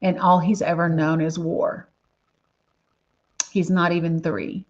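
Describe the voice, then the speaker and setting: A woman's voice: on the low side, flat delivery, slow pace, long pauses. A woman hosting a casual livestream, talking earnestly and emotionally while reading viewer names from the chat. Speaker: livestream host. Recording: slightly dull lo-fi audio.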